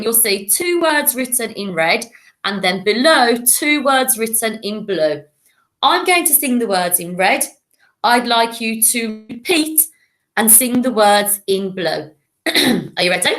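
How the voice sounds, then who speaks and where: A primary school teacher, giving a recorded lesson to young children in a clear, patient and encouraging voice. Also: female voice, fairly high pitch, a bit bright.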